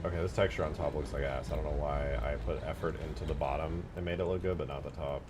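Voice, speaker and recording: A man live-streaming casual chat, excitable and foul-mouthed, yelling thanks to his chat and then mumbling asides. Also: very deep voice, quick pace, very noisy. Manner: excitable, swears a lot, yells thanks to chat; swings between mumbling asides and loud outbursts. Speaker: livestreamer and game modder.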